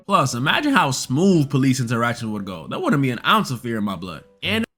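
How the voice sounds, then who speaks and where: A man delivering scripted comedic commentary in an animated way, full of rhetorical questions. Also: mid-range voice, brisk, faint music behind.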